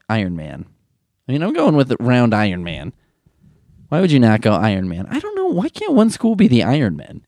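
A man's voice: mid-range voice, darkish tone, dry recording, studio quality. A man riffing comedically in a rambling, sarcastic way, swearing often.

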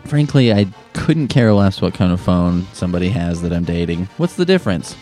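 Comedic advice host, young man, profane deadpan-sarcastic delivery, dark mellow tone. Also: sits low, fairly quick, soft background music.

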